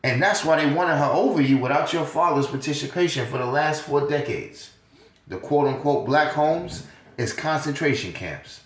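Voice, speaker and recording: An older man talking in a casual podcast monologue, profane and animated, laughing often between points. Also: fairly high pitch, normal speed. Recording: roomy echo.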